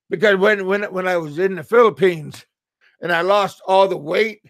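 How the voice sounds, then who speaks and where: A middle-aged man from the US talks slowly and unhurriedly in a gravelly, slightly raised voice. He stammers, repeats words and chuckles often through a rambling, joking monologue. The sound is dry and close. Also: high voice, fairly bright tone, no room sound. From United States. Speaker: expat vlogger.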